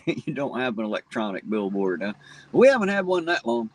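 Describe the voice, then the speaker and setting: A middle-aged man with a slight Southern drawl from the Ohio Valley chats casually with his live-stream audience. His voice is husky and a little rough. He rambles along in a folksy, plainspoken way. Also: mid-range voice, big pitch swings, moderate pace, low-quality recording. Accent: Appalachian Ohio Valley, slight Southern drawl. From tri-state area where Ohio, Kentucky and West Virginia meet. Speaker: livestream host. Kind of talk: casual live-stream chat, reading viewer comments.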